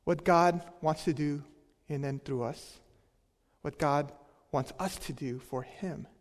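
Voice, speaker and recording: A man preaching a sermon as pastor, emphatic, with a voice that drops to a soft near-whisper on key words. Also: on the high side, takes it slowly, big-room sound.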